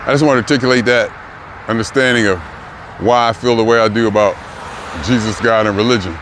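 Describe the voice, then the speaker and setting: A man in his sixties, with a fairly low pitch and steady tone, talks fast in a rambling, emphatic vlog, repeating thoughts as he works them out. He's recording outdoors near a car rental lot, amid the traffic and city noise of a noisy street.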